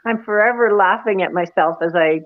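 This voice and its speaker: A woman's voice: medium pitch, fairly quick, phone-quality sound. A woman guest in a casual chat who laughs at herself and speaks about self-acceptance.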